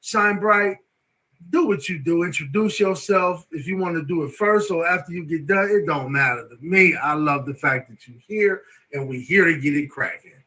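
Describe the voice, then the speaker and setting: A man hosting a live show, excitable and emotional, repeating words and filler phrases as he talks. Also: a little high, moderate pace, poor audio. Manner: excitable, emotional, repeats words and "you know what I'm saying". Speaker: host.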